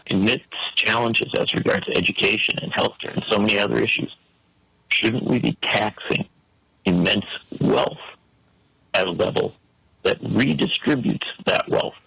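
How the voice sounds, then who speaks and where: A man's voice: lowish voice, vocal fry, bright, forceful tone, breathy edge, no room sound, low-quality recording. A man giving an emphatic, preacherly political commentary on a talk show, full of rhetorical questions.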